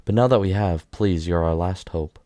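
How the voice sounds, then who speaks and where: A man's voice: low-pitched, normal speed, dark tone, dry recording, natural voice. A man reading the part of a desperate young mother, speaking in a pleading, tearful way.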